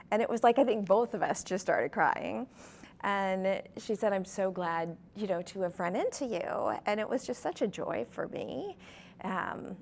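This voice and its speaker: A woman's voice: lowish voice, creaky, slight background noise. A woman in her forties, a pelvic health physical therapist and clinic owner, telling stories in a conversational interview with frequent ums. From California, USA. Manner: warm storytelling with frequent ums.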